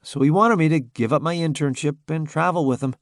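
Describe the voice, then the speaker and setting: A man voicing a guarded, wounded young woman in an audiobook, speaking in a quiet, certain way. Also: on the high side, fairly quick, no echo, clean studio sound, pitched above the performer's own voice, close to an everyday voice.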